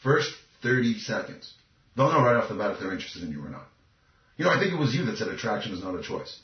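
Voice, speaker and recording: A man's voice: fairly low pitch, sing-song, fast talker. A man talking as a dating coach in an interview, cocky and emphatic. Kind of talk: casual interview talk. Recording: echoey, muffled lo-fi recording.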